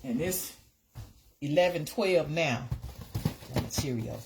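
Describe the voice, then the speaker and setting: Lady chatting on her live, kinda low voice, repeats stuff, little hiss behind. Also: slow pace. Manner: chatty, repeats herself, talks to viewers by name. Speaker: live stream host. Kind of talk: casual live-stream chat.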